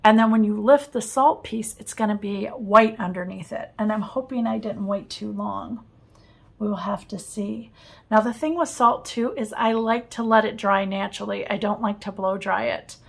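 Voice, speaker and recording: A woman teaching watercolor painting in a casual studio tutorial, enthusiastic and smiling as she talks, with soft laughs now and then. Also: medium pitch, fairly even intonation, moderate pace, gravelly. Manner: warm, enthusiastic, often laughing softly. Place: home art studio.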